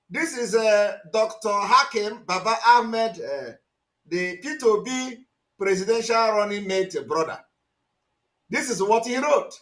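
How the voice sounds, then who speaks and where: A Nigerian man delivers heated livestream commentary in a high, sharp voice. He keeps repeating his points and sometimes breaks into shouts. The sound carries a roomy echo. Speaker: online commentator. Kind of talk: livestream commentary on news clips.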